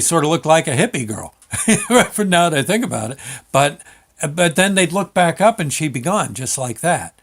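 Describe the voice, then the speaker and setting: An older man telling a personal memory in a casual, halting way, with many restarts and an amused tone. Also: fairly high pitch, fairly bright tone. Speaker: storyteller recalling a memory. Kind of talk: casual spoken recollection.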